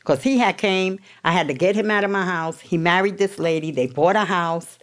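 A woman's voice: on the low side, moderate pace. A woman from New York telling her recovery story to an audience in a blunt, profane, emotional way. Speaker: recovery speaker. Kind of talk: candid personal recovery story.

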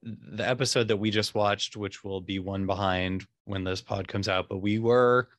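A man's voice: on the low side, fairly even intonation, moderate pace, a bit bright, no echo. A man co-hosting a podcast in casual, enthusiastic chat, full of fillers. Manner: enthusiastic, chatty, lots of fillers like "like". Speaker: podcast co-host.

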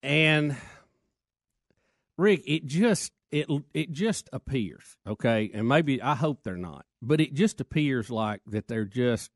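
A man's voice: medium pitch, expressive, slow pace, no room sound, studio quality. A man co-hosting talk radio, wry and drawling, repeating himself for effect. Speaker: radio show co-host. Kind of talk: casual talk radio chat.

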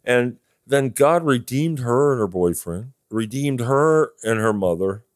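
A man's voice: mid-range voice, unhurried, no room sound, clean studio sound. A man who preaches on the street tells an emotional story in an interview and acts out the dialogue with earnest energy. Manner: earnest and animated, acting out quoted dialogue.

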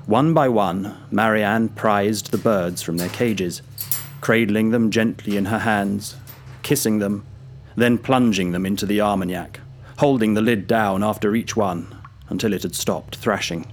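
A man narrating a dark story in a grave, measured way. His voice sits fairly low. A faint hiss lies under the recording.

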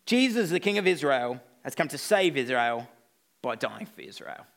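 A man's voice: mid-range voice, big pitch swings, normal speed, vocal fry, fairly bright tone. A man voicing an apostle who proclaims the message with rising, emphatic fervor. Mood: fervent. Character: fervent male apostle proclaiming good news.

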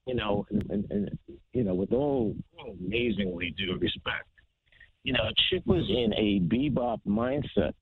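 Lively storytelling man over a phone line. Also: mid-range voice, a little slow, vocal fry, breathy edge, no room sound. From New Jersey, United States. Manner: animated anecdote teller, acts out voices of others. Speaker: guest guitarist. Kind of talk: storytelling interview. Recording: tinny phone-line sound.

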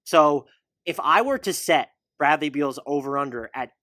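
A man's voice: a little high, lively intonation, normal speed, sharp tone, no echo, clean studio sound. A man in his thirties hosting a casual sports talk show, questioning his guest and reeling off stats. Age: 30s. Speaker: podcast host.

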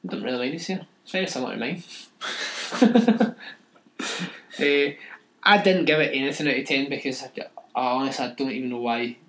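A man's voice: mid-range voice, normal speed, long pauses, a bit bright. A man, a podcast co-host, talking in casual chat, sweary and mocking, laughing often.

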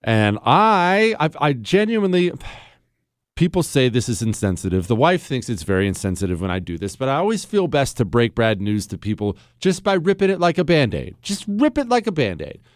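A man's voice: mid-range voice, moderate pace, no echo, clean studio sound. A man hosting a talk radio show, telling stories in a blunt, sardonic monologue. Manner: animated storytelling, blunt and sardonic.

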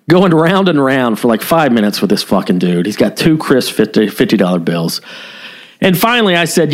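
A man's voice: mid-range voice, big pitch swings, moderate pace. A man on a podcast, a former police officer, candidly telling a story in casual chat with frequent swearing. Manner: candid, heavily profane storytelling.

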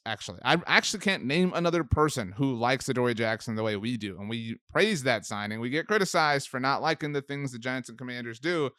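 A man's voice: medium pitch, a bit bright, smooth, no echo, clean studio sound. A man co-hosting a podcast, chatting casually about football with easy laughs and rambling asides. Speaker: podcast co-host. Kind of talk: casual sports chat.

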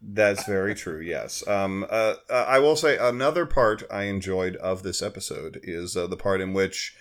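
A man co-hosting a podcast in casual chat, joking and teasing, often pausing on fillers. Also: low voice, expressive, a bit bright. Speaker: podcast co-host.

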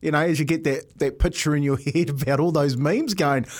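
A man's voice: on the high side, fairly quick. A man with a New Zealand accent, co-hosting a breakfast radio show and telling stories in a casual chat. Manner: animated, laughs through stories. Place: radio studio.

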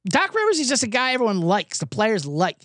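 Hoarse, sarcastic man ranting. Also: high-pitched, wildly swooping pitch, brisk, a bit bright, no room sound, clean studio sound. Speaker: host. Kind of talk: comedic sports betting podcast.

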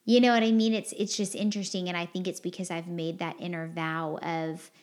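Here the podcast host's voice sits lowish, with a flat, fairly quick delivery and a darkish tone. She rambles earnestly through personal feelings in confessional podcast talk, heartfelt and loaded with fillers.

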